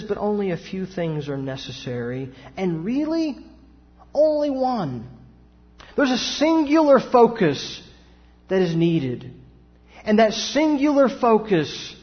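A man, a pastor preaching a sermon with emphatic rises and rhetorical questions. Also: high-pitched. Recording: dull sound with long hall reverb.

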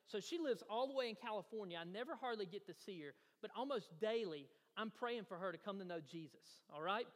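A man's voice: high voice, animated, fairly quick, few pauses. A man preaching a sermon as pastor, telling a personal story and building to eager emphasis. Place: church sanctuary. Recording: church hall reverb.

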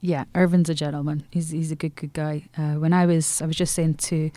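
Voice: mid-range voice, level tone, brisk, mellow, no room sound. An author speaking earnestly in an interview, often restarting phrases and using fillers. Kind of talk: reflective interview talk.

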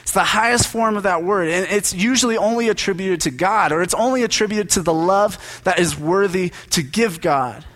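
A man's voice: high voice, moderate pace, few pauses, fairly bright tone. A young man preaching a sermon in a conversational, joking storytelling manner. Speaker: pastor.

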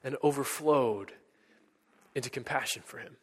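A man's voice: mid-range voice, normal speed, husky. Earnest preaching man, echoing hall. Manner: earnest, rising to emphatic peaks then dropping to hushed lines. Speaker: pastor. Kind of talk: sermon. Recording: long hall reverb.

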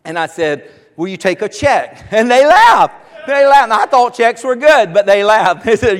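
A man preaching, his voice pitched high for a man. He tells a story on himself with a grin in it and then drives it home with fervor. The sound carries the long reverb of a church sanctuary. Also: sing-song, moderate pace. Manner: storytelling, laughing at himself, building to fervent preaching. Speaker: pastor. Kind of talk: sermon with personal story.

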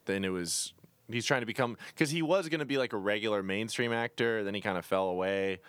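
A man's voice: lowish voice, a little fast, a bit bright, clean tone, dry recording. A young man co-hosting a casual comedy podcast, rambling and restarting his sentences. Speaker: podcast co-host.

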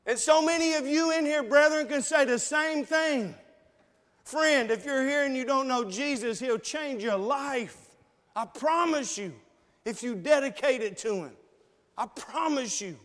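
A man's voice: extremely high pitch, measured pace, a bit bright, long reverb tail. A man preaching a sermon, earnestly pleading with his congregation. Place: church.

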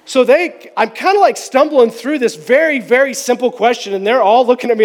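A man's voice: extremely high pitch, a little fast, long reverb tail. A man preaching a sermon, telling a personal story in a candid, conversational, self-deprecating way. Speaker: pastor.

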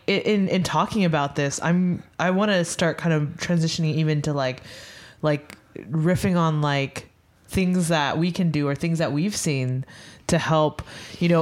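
A woman co-hosting a podcast who chats casually in a loose, rambling way and laughs easily. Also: low-pitched. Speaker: podcast co-host. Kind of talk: casual chat.

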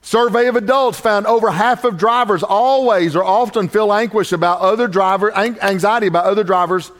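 A man preaching a sermon as pastor, moving between quiet, intimate asides and loud, raised preaching, with a joking, conversational way of telling stories. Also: sits high, a little fast.

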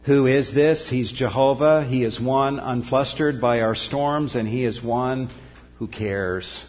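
A man preaching a sermon, earnest, rising to emphatic peaks and then dropping soft and low. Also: slow pace, in a large hall, dull audio. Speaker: pastor.

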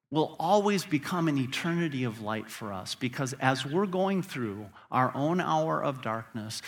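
A man's voice: fairly high pitch, fairly bright tone. A man preaching a sermon as pastor, earnest and building to emphatic peaks.

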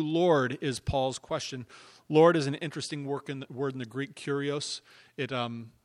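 A man preaching a sermon as pastor, dropping to hushed asides and then rising to emphatic, louder points. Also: mid-range voice. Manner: emphatic preaching, swinging between hushed and loud.

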